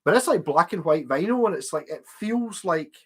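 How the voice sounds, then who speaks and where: A man's voice: on the high side, lively intonation, moderate pace, a bit bright, husky. A Scottish man in his forties hosting a livestream, chatting casually and telling rambling anecdotes with a chuckle. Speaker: livestream host.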